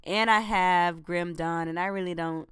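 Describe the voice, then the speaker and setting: A woman co-hosts a laid-back gaming talk, rambling in slang and laughing often. Her voice is smooth and resonant. The sound is dry and close. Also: lowish voice, steady tone, measured pace, fairly bright tone, no room sound. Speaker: podcast co-host. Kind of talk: casual chat.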